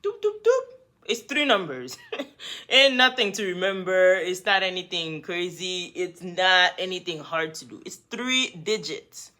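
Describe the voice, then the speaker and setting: A woman vlogger telling a story in a lively, conversational way, talking straight to the viewer. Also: lowish voice, measured pace. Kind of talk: storytime vlog.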